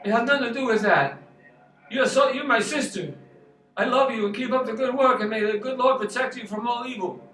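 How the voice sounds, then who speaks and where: A man's voice: very high-pitched, a little fast, fairly bright tone, roomy sound, far from the mic, rough recording. A man from Long Island, a pastor rambling through a personal testimony and repeating his words. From Long Island, New York. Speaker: street pastor. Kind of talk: storytelling testimony.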